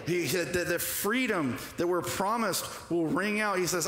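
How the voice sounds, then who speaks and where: A man's voice: high voice, a little slow, a bit bright. A man preaching a sermon as pastor, who calls on the congregation to repeat phrases back and builds to emphatic peaks. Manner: call-and-response preaching, rising emphatic delivery. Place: church sanctuary. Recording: echoey church hall.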